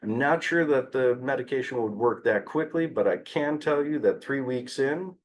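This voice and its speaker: A man's voice: medium pitch, moderate pace. Man telling fieldwork stories with "uh" fillers. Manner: animated storyteller with frequent "uh" fillers. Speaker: behavior analyst presenter. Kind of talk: storytelling conference talk.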